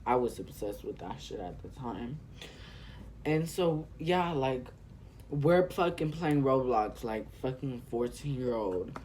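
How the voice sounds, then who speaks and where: A man's voice: mid-range voice, lively intonation, slow, darkish tone, slight background noise. A teenage man from California, telling a rambling story full of profanity while doing his makeup on camera. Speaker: vlogger.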